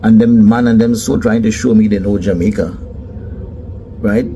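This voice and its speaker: A man's voice: fairly low pitch, fairly even intonation, moderate pace, dark tone, lo-fi sound, a little hiss or hum. A man casually telling travel anecdotes in a loose, conversational way. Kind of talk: casual storytelling.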